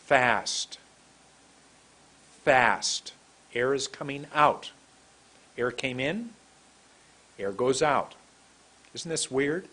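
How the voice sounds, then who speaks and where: A man from San Francisco teaching English pronunciation, repeating words slowly and deliberately. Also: mid-range voice, expressive, fairly bright tone, husky. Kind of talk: slow demonstrative lesson.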